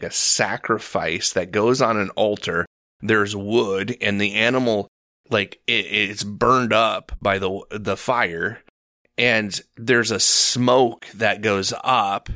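A man co-hosting a casual faith discussion, an animated storyteller who acts out the people he quotes. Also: lowish voice, no echo, clean studio sound.

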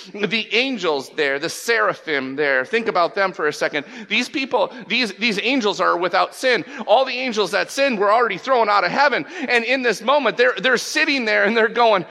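A man preaching a sermon, emphatic, swinging between loud bursts and hushed lines. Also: high voice, lively intonation, normal speed, few pauses. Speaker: pastor. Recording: long reverb of a large hall.

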